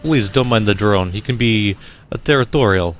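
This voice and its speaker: A man voicing a polite, cultured male drone engineer in a video game, speaking in a measured, formal way. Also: lowish voice, faint music behind, close to an everyday voice.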